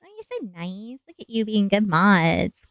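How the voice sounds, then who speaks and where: Animated woman streamer, dry mic. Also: mid-range voice, a little slow, no echo. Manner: dramatic, repeats herself, groans and mutters. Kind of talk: casual live-stream chatter.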